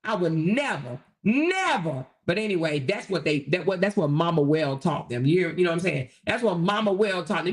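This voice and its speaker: A woman's voice: fairly low pitch, lively intonation, a little fast, hardly any pauses. A woman, hosting a livestream and ranting in a profane, confrontational way, again and again asking whether you hear her. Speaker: livestream host. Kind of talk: heated livestream rant.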